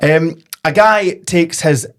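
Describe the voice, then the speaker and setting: A man's voice: on the high side, slow pace. Scottish man telling jokes. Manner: joke-telling, animated storytelling. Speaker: podcast host. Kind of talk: casual football chat.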